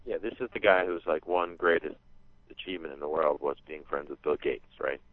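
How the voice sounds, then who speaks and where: A man co-hosting a casual sports podcast, making dry, quick wisecracks. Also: extremely low pitch, no room sound, phone-quality sound. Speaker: podcast co-host.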